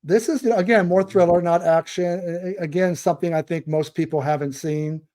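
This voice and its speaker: A man's voice: fairly high pitch, steady tone, brisk, mellow. A man co-hosting a film podcast, chatting casually in an easygoing, rambling way. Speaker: podcast co-host. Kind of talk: casual film-review chat.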